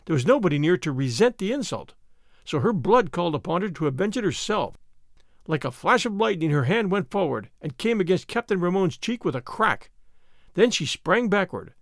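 A man narrating a story in an expressive, dramatic reading style. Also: high voice, normal speed, no room sound, studio quality.

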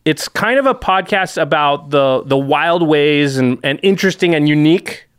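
A man hosting a podcast in casual chat, chatty and animated with lots of filler words. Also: a little high, normal speed, clear, resonant tone, dry recording, clean studio sound. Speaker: podcast host.

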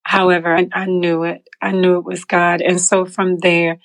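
A woman telling her personal testimony in an interview, animated, acting out the voices in her story and laughing often. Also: on the low side, moderate pace, gravelly. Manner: animated, acts out quoted voices. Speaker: interview guest.

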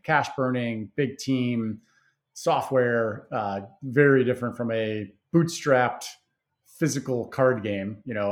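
A man being interviewed about starting his party game company, talking in an easygoing way with plenty of fillers and restarts. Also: mid-range voice. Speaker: game creator guest. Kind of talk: conversational interview.

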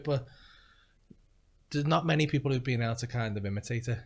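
A man's voice: on the high side, quick pace. A man hosting a podcast, chatting loosely, mocking himself and swearing casually. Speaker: podcast host. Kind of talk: casual chat.

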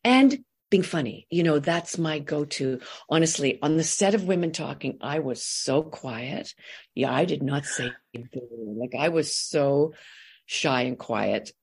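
A woman from Canada, an actress guest, chatting and telling animated stories in an interview. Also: deep voice, a little slow, slightly rough. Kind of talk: casual interview storytelling.

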